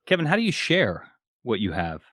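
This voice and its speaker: A man hosting an interview, asking measured questions. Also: medium pitch, huge pitch swings, fairly bright tone, no room sound, clean studio sound. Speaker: host.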